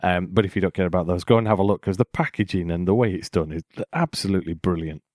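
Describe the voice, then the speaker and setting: Low voiced guy chatting about games on a podcast, laughs a lot, dry recording. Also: fast, darkish tone, no room sound. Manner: chatty, opinionated, laughs often. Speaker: podcast host. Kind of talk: casual podcast chat.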